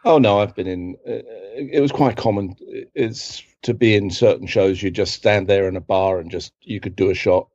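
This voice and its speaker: Middle-aged London man, husky and lowish, rambling storyteller, dry lo-fi line. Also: normal speed, few pauses, a little mellow, no echo. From England. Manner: rambling, self-correcting, acts out quotes in other voices. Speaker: guest, film assistant director. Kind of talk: casual anecdotal storytelling.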